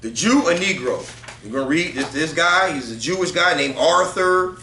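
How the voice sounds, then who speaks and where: A man's voice: fairly high pitch, animated, normal speed, pushed and bright, reverberant, slight background noise. A man leading a religious group study, reading passages aloud and explaining them in a loose, conversational way, often checking in with "right?".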